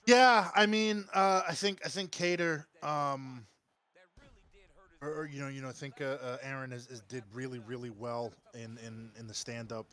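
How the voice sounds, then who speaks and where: A man's voice: medium pitch, steady tone, moderate pace, a bit bright, clear, resonant tone. A man co-commentating a video game fight, hesitant, restarting his sentences as he breaks down the matchup. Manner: hesitant, many fillers and restarts.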